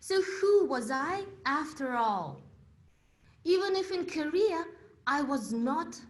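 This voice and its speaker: A young woman from Uzbekistan, a native Russian speaker, giving a prepared contest speech in English and telling her story with dramatic pauses. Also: sits high, sing-song.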